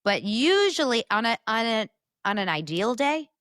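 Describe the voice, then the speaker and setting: A woman's voice: a little high, sing-song, normal speed, a bit bright, dry recording, clean studio sound. A woman co-hosting a casual podcast chat, teasing and laughing easily. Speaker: podcast co-host.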